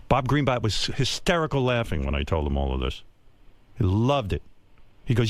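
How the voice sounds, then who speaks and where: An older man hosting a radio show, telling a crude comic story with brash boasting and quick mocking voices. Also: mid-range voice, wildly swooping pitch, no room sound. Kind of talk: crude comedic radio banter. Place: radio studio.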